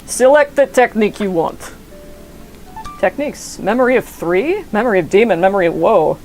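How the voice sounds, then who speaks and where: A woman's voice: medium pitch, animated, normal speed, darkish tone, poor audio. A young woman streaming a game, rambling and swearing as she cuts herself off mid-sentence. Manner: rambling, profane, self-interrupting. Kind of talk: casual gameplay commentary. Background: faint game music.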